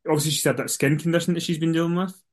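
A man's voice: on the high side, steady tone, racing. A man co-hosting a wrestling podcast in casual chat, rambling, with frequent restarts. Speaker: podcast co-host.

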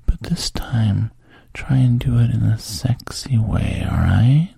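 A whispered role-play in which a man plays a pushy young fraternity guy with a gravelly, breathy low voice. He coaxes slowly and lingers on pet names. The sound is close and dry. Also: warm tone, no room sound, heavily acted. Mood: coaxing. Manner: coaxing, calls the listener baby and sweetheart. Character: smooth-talking young male fraternity guy, coaxing and pushy.

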